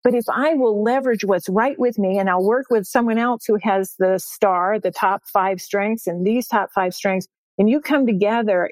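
A woman's voice: medium pitch, a little mellow, no room sound. A woman in her sixties, a success coach and podcast guest, talking upbeat and emphatic, often repeating her key phrases. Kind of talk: podcast interview.

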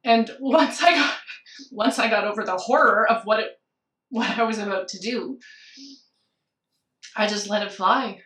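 A woman's voice: mid-range voice, fairly even intonation, normal speed, pauses often, pushed and bright, echoey room, far from the mic. A woman candidly telling a personal story of grief, reflective and at times tearful. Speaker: guest sharing a personal story.

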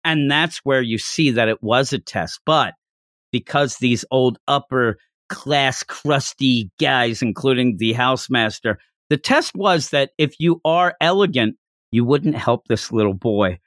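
A man hosting a casual podcast, recapping a manga chapter in an animated way and slipping into put-on voices for the characters. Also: medium pitch, measured pace, dry recording, studio quality. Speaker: podcast host.

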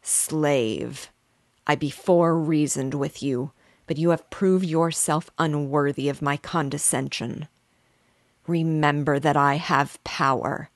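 A woman voicing a wretched, vengeful male creature, speaking slowly and with weighty menace. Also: low-pitched, no echo, studio quality. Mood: commanding.

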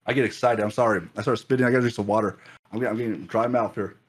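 A man preaching a fervent sermon as pastor, repeating phrases and building excitement. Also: on the low side, rapid-fire, slightly rough.

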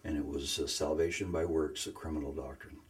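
A man telling his faith story in a casual conversation, earnest and emotional, often pausing to search for words. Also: extremely low pitch, steady tone. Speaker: guest sharing faith story.

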